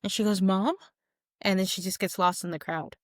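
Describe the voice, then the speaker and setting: A young woman co-hosting a podcast in casual chat, animated and jokey, acting out quotes. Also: lowish voice, fast talker, no room sound, clean studio sound. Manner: animated, jokey, calls co-host "friend", acts out quotes. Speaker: podcast co-host.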